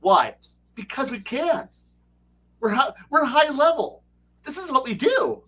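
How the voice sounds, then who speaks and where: A man telling game master stories in casual livestream chat, excitable and rambling, with frequent swearing. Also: very high-pitched, unhurried, breathy edge. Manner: excitable, rambling, profane storytelling. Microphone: streaming setup mic.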